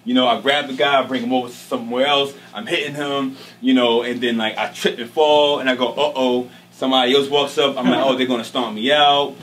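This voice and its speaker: A man telling a casual, slangy, animated story on stage before a live audience, often checking in with his listeners. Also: medium pitch, fast talker, hardly any pauses. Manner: casual, slangy, animated, peppered with "you know what I'm saying". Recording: distant mic, noisy live venue.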